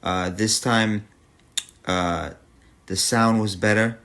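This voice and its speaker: A man judging a talent show, giving measured feedback point by point. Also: fairly low pitch, fairly even intonation, sharp tone. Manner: measured, itemized.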